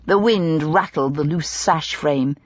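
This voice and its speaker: A woman narrates a mystery audiobook in a measured, even manner. Her voice is husky and close. The recording is dry and dull, with a lo-fi edge. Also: low voice, dry recording. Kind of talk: scripted narration.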